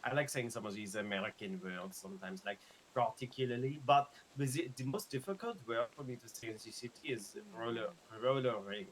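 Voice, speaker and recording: A man's voice: medium pitch, animated, brisk, few pauses, crowd noise, lightly acted, poor audio. A man voicing a French lifeguard and medic in a game roleplay, speaking with a French accent, chatty and rambling, laughing often and fumbling his R's. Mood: friendly. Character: easygoing young male French lifeguard and medic. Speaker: roleplay streamer. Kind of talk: casual in-character roleplay chat.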